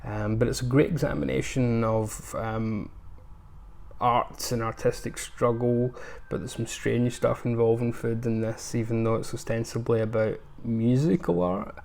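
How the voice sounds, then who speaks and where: Guy chatting about his blu-ray haul, gravelly, lots of ums and restarts. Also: medium pitch, fairly even intonation, measured pace, a little mellow. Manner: rambling, with many ums and restarts. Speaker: film collector reviewing his purchases. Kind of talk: casual unscripted haul review.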